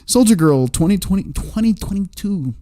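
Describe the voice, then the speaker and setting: A man's voice: high-pitched, lively intonation, normal speed, dark tone. A man hosting a livestream, reading chat comments aloud in a rambling, profane way and laughing often.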